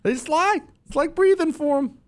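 A man putting on a falsetto as a weepy young woman to mock her, with overwrought sobbing. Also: moderate pace. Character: shrill weepy young woman, mocking parody.

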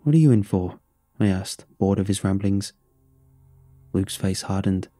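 Dark husky male story reader. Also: a little slow, long pauses, no room sound, soft background music. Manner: reads dialogue in a plain, low-key voice. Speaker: narrator. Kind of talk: first-person story reading.

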